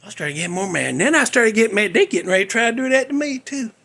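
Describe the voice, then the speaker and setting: A man's voice: high voice, expressive, rapid-fire, creaky, a bit bright. A male podcast host telling a story in a casual, folksy, rambling way, cussing freely.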